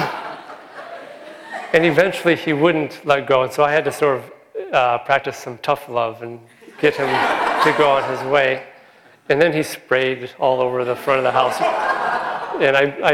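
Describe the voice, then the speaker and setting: A man with a gravelly, creaky voice gives a gentle spiritual talk, chuckling softly through his stories. He sounds like he is in a large hall, with a long reverb trailing his words. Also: medium pitch, very noisy. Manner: gentle, chuckles often while telling stories. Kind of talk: informal spiritual talk with anecdotes.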